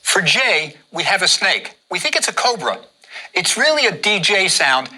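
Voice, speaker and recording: A man's voice: high-pitched, big pitch swings, moderate pace, pushed and bright, breathy edge, rough recording. A man teaching how to draw hieroglyphs, giving patient step-by-step instructions and repeating each step. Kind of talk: step-by-step drawing lesson.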